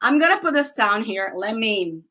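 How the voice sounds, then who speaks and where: Chatty Brazilian English teacher, bright voice. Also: female voice, fairly high pitch, expressive, normal speed. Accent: Brazilian Portuguese. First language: Portuguese. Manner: chatty, enthusiastic, addresses students as guys. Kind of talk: online grammar lesson.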